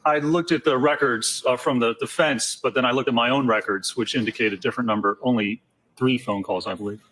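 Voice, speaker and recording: A man testifying as an expert witness, giving measured, hedging answers. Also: medium pitch, a bit bright, low-quality recording. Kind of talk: courtroom testimony.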